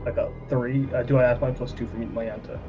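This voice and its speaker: A man's voice: mid-range voice, little pitch movement, fast talker. Man thinking aloud as a player, muffled. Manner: hesitant, filler-heavy, thinking aloud. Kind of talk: casual tabletop role-playing. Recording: muffled audio with background music.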